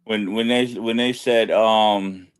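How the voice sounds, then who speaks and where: A man's voice: fairly low pitch, steady tone, clear, resonant tone. A young man co-hosting a podcast, rambling with restarts and cursing in casual banter. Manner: rambling, profane, halting restarts. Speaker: podcast co-host.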